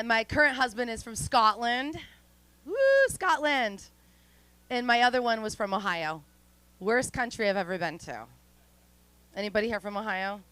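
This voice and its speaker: Smooth-voiced woman doing stand-up. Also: mid-range voice, low-quality recording. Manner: chatty, self-mocking, deadpan asides. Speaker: stand-up comedian. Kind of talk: live stand-up comedy set. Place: outdoor studio stage.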